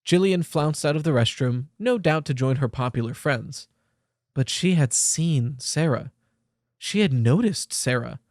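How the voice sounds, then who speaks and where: A young man narrating an audiobook in a measured, expressive storytelling voice. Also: on the high side, dry recording, clean studio sound. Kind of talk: scripted narration.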